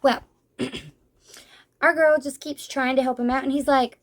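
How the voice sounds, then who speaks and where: A woman with a high voice talks through a manga in a relaxed, chatty way. She acts out the characters' lines with playful energy and laughs often. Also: unhurried, long pauses. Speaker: manga reviewer. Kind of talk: casual book review chat.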